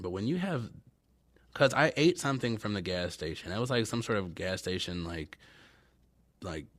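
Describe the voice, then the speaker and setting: A man's voice: fairly low pitch, fairly bright tone. A man hosting his own podcast, chatting casually and telling candid, self-mocking stories in a rambling way. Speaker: podcast host. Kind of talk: casual solo podcast chat.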